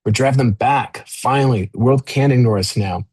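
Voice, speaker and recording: A man's voice: medium pitch, normal speed, darkish tone, breathy edge, no room sound, lightly acted. A man reading as a stubborn, maimed prisoner. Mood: resolute. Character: weary maimed male prisoner, defiant and stubborn.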